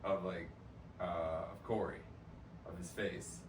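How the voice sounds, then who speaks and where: A man's voice: low voice, fairly even intonation, measured pace, distant mic, background noise. A man in casual chat who rambles with many hesitations and laughs easily. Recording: echoey room from off-mic, audible ambience.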